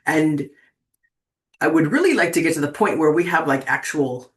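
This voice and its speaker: In their sixties, a tarot channel host chats casually with viewers about spiritual matters in a mid-range voice with lively intonation and a moderate pace. The talk wanders, packed with fillers and restarts, and the host keeps checking in by asking "right?".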